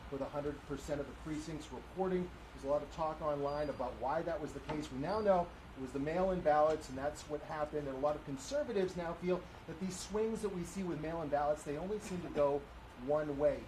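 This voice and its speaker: A man, a reporter, asking a long, detailed question at a press conference. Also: fairly high pitch. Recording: clear background noise.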